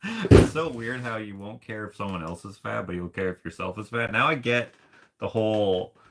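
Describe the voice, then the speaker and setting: A man's voice: lowish voice, expressive, normal speed, noisy background. A man, an artist, chatting casually to camera in a rambling, self-deprecating way and laughing often. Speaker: artist vlogger. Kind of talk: casual rambling vlog chat.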